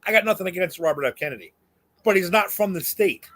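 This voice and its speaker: A middle-aged co-host from New York with a slightly high, bright voice. He is blunt and opinionated and rants with a forceful edge. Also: animated, quick pace, no echo. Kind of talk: casual live show chat.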